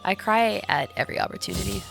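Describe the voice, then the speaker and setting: A woman's voice: mid-range voice, fast, vocal fry, loud music behind the voice. A young woman streaming a video game, chatting casually and giggling with her viewers. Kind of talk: casual live-stream chat while gaming.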